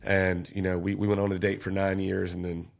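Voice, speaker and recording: A man's voice: low voice, completely flat delivery, a little fast, creaky. A man, a podcast guest telling his story in an earnest, casual way and getting worked up as he retells events.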